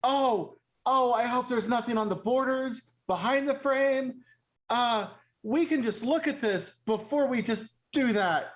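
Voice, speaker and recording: A man voicing his tabletop character, an anxious male adventurer who stammers and pleads in a worried, hurried way. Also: sits high, expressive, pitched above the performer's own voice.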